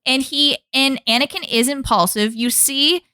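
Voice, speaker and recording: A woman co-hosting a casual podcast chat, animated, laughing often and swearing freely. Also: sits high, normal speed, clear, resonant tone, dry recording, clean studio sound. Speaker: podcast co-host.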